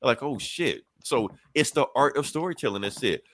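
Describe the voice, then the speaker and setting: A man co-hosting a podcast, casually recapping a comic with animated, profane retellings. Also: medium pitch, moderate pace, a little hiss or hum. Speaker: podcast co-host.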